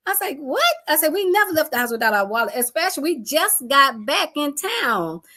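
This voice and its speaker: A middle-aged woman tells a personal storm story, acting out her family's voices in an animated way. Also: high-pitched, brisk.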